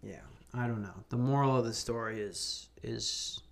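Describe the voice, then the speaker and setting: A man's voice: medium pitch, normal speed, gravelly. A young man from Minnesota in casual podcast chat, rambling and swearing, laughing as he tells stories. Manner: rambling, profane, laughs through his stories.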